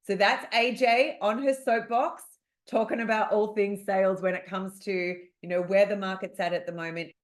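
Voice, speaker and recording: A woman's voice: mid-range voice, moderate pace. Australian woman coach, punchy motivational webinar delivery over a video call. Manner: energetic, motivational, emphatic repetition. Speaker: real estate sales coach. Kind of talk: webinar teaching.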